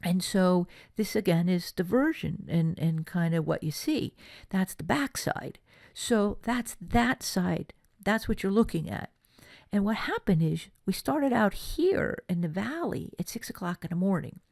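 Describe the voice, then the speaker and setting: A woman from California giving a motivational workshop talk, telling personal stories in a chatty, lively way. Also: fairly low pitch, unhurried, vocal fry, dry recording. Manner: chatty storytelling, lively asides. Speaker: workshop presenter.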